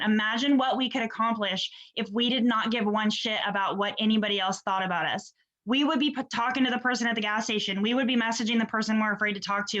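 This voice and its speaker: A woman's voice: a little high, a bit bright, lo-fi sound. A woman hosting a video call, chatty and enthusiastic, swearing now and then. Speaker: host. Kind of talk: casual video call chat.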